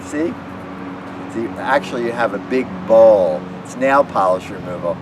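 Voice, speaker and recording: A man's voice: fairly low pitch, normal speed. Rambling man demonstrating magic tricks outdoors. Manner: animated, rambling, restarts often. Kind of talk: casual tutorial demonstration. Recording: distant mic with clear background noise.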